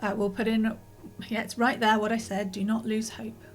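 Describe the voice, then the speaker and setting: This is relaxed let's-play commentary from a woman streamer who keeps rambling, saying sorry, starting over and filling gaps with ums, slightly breathless and yawning. Her pitch is fairly high but barely moves, and she talks at a moderate speed. Soft music plays behind her.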